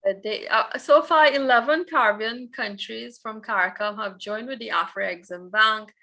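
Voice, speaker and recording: A woman's voice: fairly high pitch, moderate pace, gravelly, sharp tone. A woman co-hosting a podcast who reports news items in casual chat and laughs easily. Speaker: podcast co-host.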